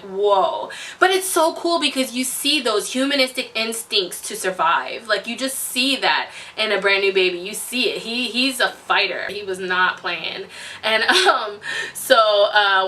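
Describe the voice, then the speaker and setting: A woman's voice: a little high, pushed and bright. A young adult woman vlogger telling her story in an effusive, chatty way, full of exclamations. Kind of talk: casual storytelling to camera. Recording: voice distant from the mic.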